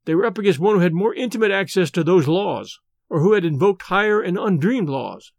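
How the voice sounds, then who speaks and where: A man narrating a classic adventure story in a clear, even storytelling read. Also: high voice, a little fast, no echo, clean studio sound.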